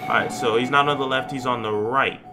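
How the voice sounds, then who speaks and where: A man's voice: mid-range voice, fairly even intonation, a little fast, loud music behind the voice. A young man casually joking and reacting while playing a horror game, chatting in slangy banter and yelping at scares. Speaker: gaming YouTuber. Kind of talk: horror game let's play commentary.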